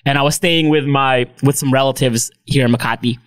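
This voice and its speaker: A man from the United States telling a story in a casual chat, animated, acting out other people and laughing often. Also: medium pitch, brisk.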